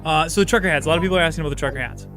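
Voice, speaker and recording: A man's voice: on the high side, rapid-fire, a bit bright. Chatty streamer guy, faint music behind. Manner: rambling, chatty, swears casually. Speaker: game streamer host. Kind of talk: casual live-stream chat while gaming.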